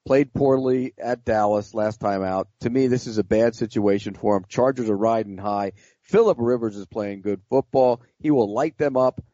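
A man's voice: lowish voice, moderate pace, warm tone, no room sound. A man on a sports betting podcast panel, giving blunt, clipped verdicts. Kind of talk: casual sports betting chat. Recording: dry, slightly muffled podcast audio.

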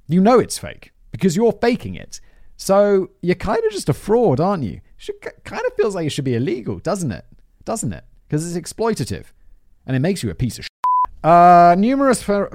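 A man's voice: mid-range voice, darkish tone, no echo. Dry, sardonic male podcast host. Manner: sardonic, swearing, self-mocking. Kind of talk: reading a story aloud with sardonic asides.

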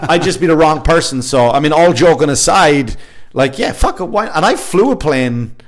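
Man, podcast host, animated storyteller, swears a lot, does voices. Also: on the high side, normal speed. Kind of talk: casual podcast chat.

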